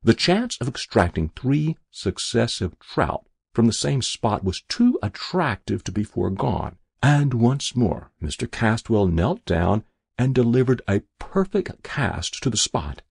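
A man reads a story aloud in a measured, expressive way. His voice is gravelly and a touch husky, and his pitch moves widely. The sound is dry and close. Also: no echo. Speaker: narrator.

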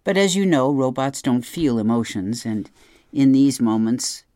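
A narrator reading a children's chapter book aloud in an expressive, lively way. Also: mid-range voice, measured pace, dry recording, studio quality. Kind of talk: storybook read-aloud.

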